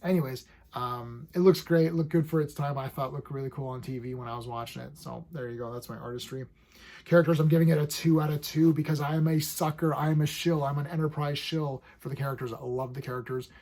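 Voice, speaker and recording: A man in his forties giving a casual, enthusiastic review of a TV episode, full of fillers and quick acted-out bits of scenes. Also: a little high, fairly even intonation, a little mellow. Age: 40s. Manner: chatty and enthusiastic, lots of fillers, acts out scenes.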